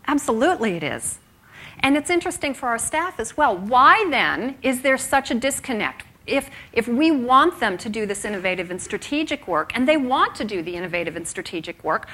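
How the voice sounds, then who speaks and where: A woman speaking on stage at a live presentation, animated, asking the audience rhetorical questions. Her voice is bright and fairly high. Her pitch swings widely as she makes her points. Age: young adult. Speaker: keynote speaker.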